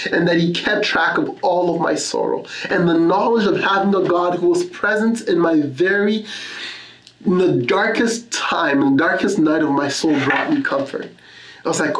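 Earnest man preaching in an echoey church. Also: high-pitched. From Canada. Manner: earnest personal testimony with Scripture readings. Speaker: pastor. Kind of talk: sermon.

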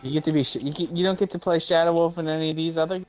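A man's voice: a little high, steady tone, very fast, darkish tone, soft background music. A man chatting casually while gaming with friends, stubbornly insisting on his opinions. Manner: argumentative, insistent. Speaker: friend playing along. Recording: dull lo-fi mic with faint hiss.

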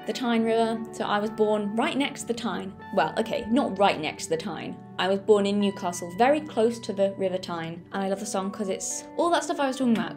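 A woman with a Yorkshire accent, talking casually and enthusiastically about songs she loves, often correcting herself mid-sentence. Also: medium pitch. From Yorkshire, England. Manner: enthusiastic, rambling with self-corrections. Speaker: presenter. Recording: music playing underneath.

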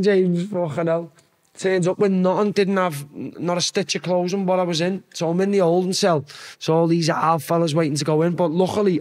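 A young man with a Scouse accent, a podcast guest telling rambling, sweary stories with acted-out quotes. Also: high voice. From Liverpool. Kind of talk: casual storytelling chat.

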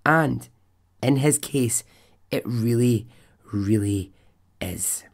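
A man's voice: medium pitch, extremely slow, vocal fry. A man hosting a podcast, telling a true story in a casual, chatty way, laughing often and talking straight to the listener. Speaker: podcast host.

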